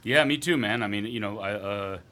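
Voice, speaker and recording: A man's voice: lowish voice, a little fast, sharp tone. A man co-hosting a podcast, telling a sports story casually and rambling with lots of fillers. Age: adult father. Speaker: podcast co-host.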